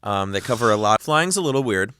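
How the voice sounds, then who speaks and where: A man's voice: on the low side, expressive, fast talker, fairly bright tone, slight background noise. A young man with a Midwestern American accent, co-hosting a casual chat in a laid-back, thoughtful way with some hesitant fillers. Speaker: podcast co-host.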